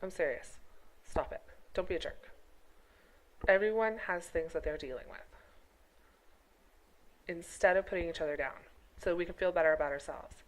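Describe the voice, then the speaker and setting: A woman's voice: fairly low pitch, normal speed, long pauses, rough recording. Emphatic woman ranting to camera. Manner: emphatic, scolding, rhetorical questions; repeated "okay?" and "right?" check-ins. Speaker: vlogger, health teacher. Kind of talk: to-camera rant vlog.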